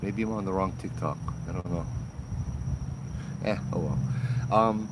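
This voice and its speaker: A relaxed man with a very low, deep voice, chatting easily to a live audience outside after dark. Crickets and insects buzz clearly behind him in the open night air. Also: unhurried, long pauses. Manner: relaxed, chatty, greets viewers by name. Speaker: host of a live ghost story stream. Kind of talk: casual live-stream chat outdoors. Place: outdoors at night in a rural spot. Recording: outdoor night noise, crickets.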